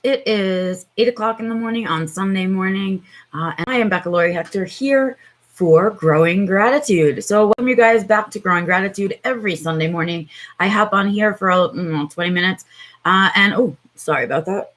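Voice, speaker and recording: A woman hosting a casual morning livestream, sounding tired and low on energy, chatting with viewers with lots of fillers. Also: moderate pace, a bit bright. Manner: chatty, greets viewers by name, many fillers. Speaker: livestream host.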